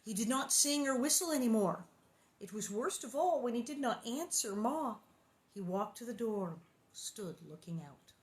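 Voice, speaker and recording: A woman's voice: on the high side, lively intonation, normal speed. Woman reading a storybook aloud. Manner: squeamish, jokey asides. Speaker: reader. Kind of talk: reading a children's book aloud with chatty asides.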